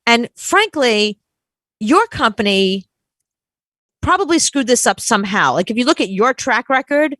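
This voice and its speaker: A woman co-hosts a casual chat and tells a story with lively exasperation, slipping into acted quotes. Her voice sits fairly high. The sound is dry and close. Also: unhurried, no room sound. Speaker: podcast co-host.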